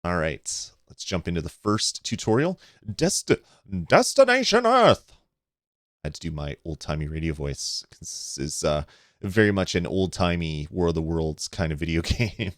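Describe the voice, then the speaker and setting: A man's voice: very deep voice, steady tone, normal speed, no echo, clean studio sound. A man hosting a gaming channel, chatting casually over gameplay, laughing often and trailing off with fillers. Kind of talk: casual let's-play commentary.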